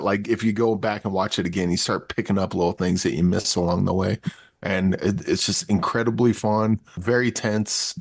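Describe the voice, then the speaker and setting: A man co-hosting a casual movie review podcast, chatty and excited, laughing often. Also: lowish voice, no room sound, clean studio sound. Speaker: podcast co-host.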